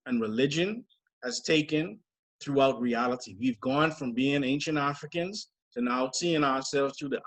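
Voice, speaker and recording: A middle-aged man leading a scriptural study, deliberate and emphatic, spelling out word origins. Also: medium pitch, fairly bright tone. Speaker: church teacher.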